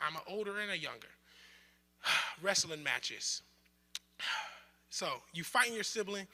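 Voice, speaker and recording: A young man teaching a bible study group in a casual, joking way, acting out quotes as he goes. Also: high-pitched. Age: young adult. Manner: conversational, joking, with lively asides and acted-out quotes. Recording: roomy hall with long reverb.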